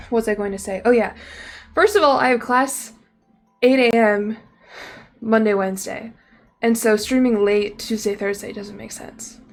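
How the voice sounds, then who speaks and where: A young woman chatting casually on a livestream, rambling and breaking off her own sentences as she talks. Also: medium pitch. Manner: rambling, chatty, self-interrupting. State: slightly out of breath. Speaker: streamer. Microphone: desk microphone, no camera. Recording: faint music behind voice.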